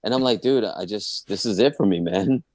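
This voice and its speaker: Lower-voiced man telling a funny story. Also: moderate pace, no echo. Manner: animated, acts out friends' voices. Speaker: guest comedian telling a story. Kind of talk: comic personal storytelling.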